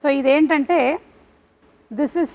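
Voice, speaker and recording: Rapid-fire, high-voiced woman anchor. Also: fairly even intonation, a little mellow, highs cut off. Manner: rapid, chirpy, mixes Telugu and English. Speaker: TV anchor, interviewer. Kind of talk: entertainment interview hosting.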